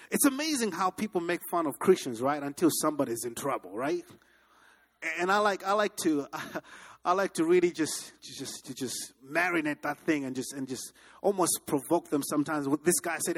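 A man preaching a sermon, telling stories with lively energy and leading the congregation in repeating phrases. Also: on the high side, moderate pace. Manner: animated storytelling, leads the congregation in repeating phrases. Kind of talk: sermon with storytelling.

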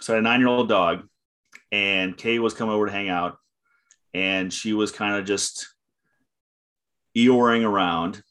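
Deadpan low-voiced podcast guy. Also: normal speed, pauses often. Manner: deadpan, dry teasing. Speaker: podcast co-host. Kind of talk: casual chat.

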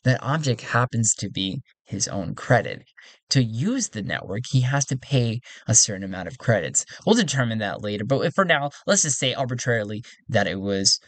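Male solo game narrator, musing aloud over dice rolls, mid-pitched, dry close mic. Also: lively intonation, normal speed, a bit bright, no room sound. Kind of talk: solo tabletop role-play narration. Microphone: close desk microphone.

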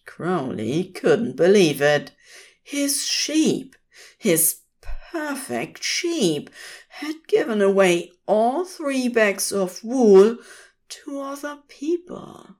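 A woman reading a story aloud as a podfic narrator, in an expressive, unhurried way. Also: mid-range voice. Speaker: podfic reader.

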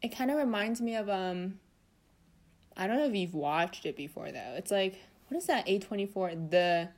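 A woman's voice: mid-range voice, lively intonation, normal speed. A young woman chatting casually on a podcast, rambling with many fillers. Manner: rambling, lots of "like" and "I don't know". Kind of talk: casual chat.

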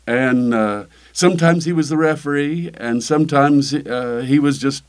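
An older man, a pastor, talking casually in an interview, halting with many fillers and restarts. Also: fairly high pitch.

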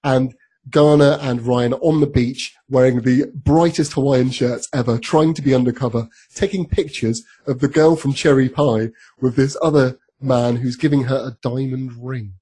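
Husky man, chatty podcast host. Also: mid-range voice, fairly even intonation, normal speed, dark tone. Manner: chatty, laughs often, many ums. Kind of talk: casual chat recapping a TV episode.

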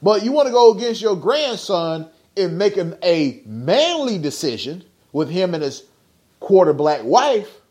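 Male podcast host with a high, animated voice who rants bluntly and profanely, firing off rhetorical questions. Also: measured pace. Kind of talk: casual podcast rant.

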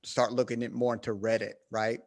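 Animated Southern American man. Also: fairly low pitch, a little fast. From United States. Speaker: podcast host. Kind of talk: casual chat.

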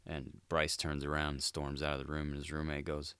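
A man's voice: a bass voice, completely flat delivery, a little fast, pushed and bright, clear, resonant tone, no room sound. A man hosting a solo comedic monologue, laid-back and crude, swearing often and calling listeners dude. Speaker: podcast host.

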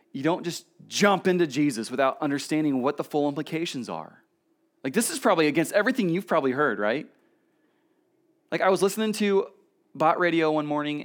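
A man in his thirties preaching a casual, storytelling sermon at a church service, swinging between emphatic lines and quiet asides. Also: on the high side. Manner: conversational storytelling, shifts between loud emphasis and soft asides. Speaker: pastor.

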